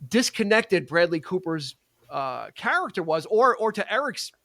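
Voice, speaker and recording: A man's voice: sits high, very animated, moderate pace, sharp tone, no echo. A man co-hosting a film podcast, talking casually with many restarts and quoting lines. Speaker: podcast co-host.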